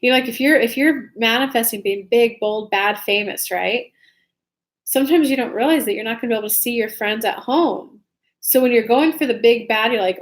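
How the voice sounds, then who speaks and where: A woman's voice: fairly high pitch, a little fast. A young woman doing a casual, chatty tarot reading livestream from home, talking loosely and informally to her viewers. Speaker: tarot reader. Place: home room with soft lighting.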